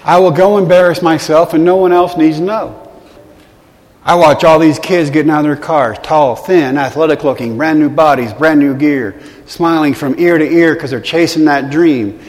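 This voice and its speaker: A man telling a personal story to a live audience, earnest and self-deprecating, dropping quiet at the emotional moments. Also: on the high side, moderate pace. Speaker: motivational speaker. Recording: long hall reverb.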